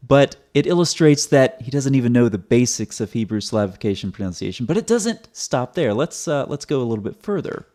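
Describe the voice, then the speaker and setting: A man's voice: mid-range voice, darkish tone. Sarcastic man explaining step by step. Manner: sarcastic, methodical, repeats words. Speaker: video commentator. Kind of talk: explanatory video commentary.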